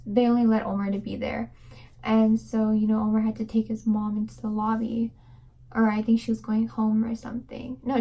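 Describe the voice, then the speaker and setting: Young woman vlogger, mellow higher voice, chatty and rambling, slips into whispers. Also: rough recording. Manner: fast rambling with many fillers, drops to whispers. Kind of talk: casual storytelling to camera.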